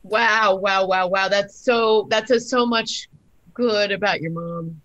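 A woman interviewing an author onstage, effusive and quick to react with exclamations. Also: medium pitch, steady tone, fairly bright tone, dull audio.

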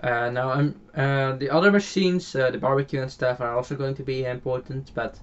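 A man with a Dutch accent talks through a farming game in a relaxed, halting way, often pausing on filler sounds and starting phrases over. His voice sits at a middling pitch. The home mic sounds dull and lo-fi. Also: clear, resonant tone. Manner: hesitant, many filler sounds and restarts. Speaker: game channel host. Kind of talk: casual gameplay commentary voiced afterwards.

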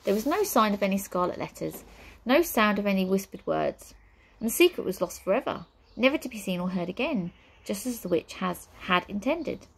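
Husky-voiced woman reading a storybook. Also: medium pitch, sing-song, brisk, rough recording. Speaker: audiobook reader. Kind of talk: storybook narration.

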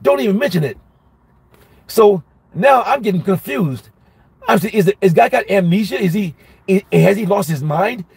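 A man teaching a Bible study as a minister, telling a personal story in a lively sermon style and repeating each phrase for emphasis. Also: high voice, moderate pace, creaky, husky.

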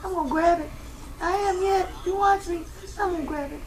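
A woman voicing a feisty, cranky house cat in a squeaky, cussing voice for a home video. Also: fairly even intonation, fairly quick, a little mellow, poor audio. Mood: whiny, grumpy.

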